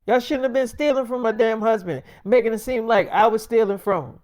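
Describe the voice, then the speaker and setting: A man's voice: high-pitched, normal speed, mellow, dry recording, clean studio sound. A man voicing a furious young wife who scolds her mother, cursing heatedly in a freestyle role-play story.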